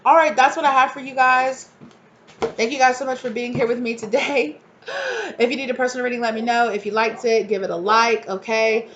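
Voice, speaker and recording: A woman's voice: fairly high pitch, lo-fi sound, slight background noise. A woman giving a casual tarot reading, chatting freely and acting out the people she describes in exasperated voices. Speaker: tarot reader.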